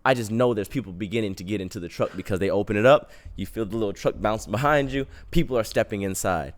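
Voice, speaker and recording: A man's voice: fairly low pitch, quick pace. A young man hosting a podcast, telling a story in a casual, slangy way and acting out the quotes. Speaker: podcast host.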